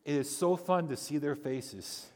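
A man's voice: a little high, measured pace. Preaching man in an echoing hall. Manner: animated storytelling with humor and rising emphasis. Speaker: pastor. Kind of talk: sermon. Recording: long reverb of a large hall.

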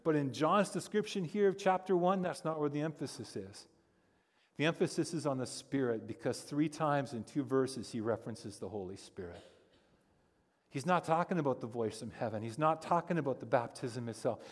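A male pastor giving a sermon, telling stories with humor and building to animated emphasis. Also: medium pitch, moderate pace. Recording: long reverb of a large hall.

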